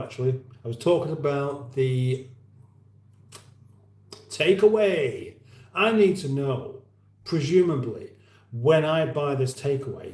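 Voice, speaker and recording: His mid-range voice is a little mellow as he chats casually on his livestream, an English host working through viewer comments with rambling, dry humour. The recording has a roomy echo.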